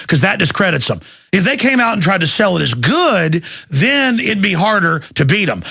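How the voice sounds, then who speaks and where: Talk radio host, male, raspy, forceful, urgent and ranting. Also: high-pitched. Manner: intense, rapid, urgent ranting with mocking asides. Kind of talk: fiery talk radio monologue.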